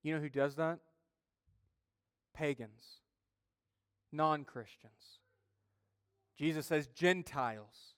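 Emphatic, smooth-voiced male pastor. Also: a little high, slow, pauses often, no room sound, studio quality, big-room sound. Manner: emphatic, builds intensity when retelling stories. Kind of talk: sermon.

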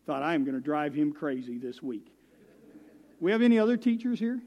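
Folksy preacher, high voice. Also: male voice, very animated, fairly quick, darkish tone, long reverb tail, highs cut off. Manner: folksy, self-deprecating storytelling. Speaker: guest preacher. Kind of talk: sermon. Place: church.

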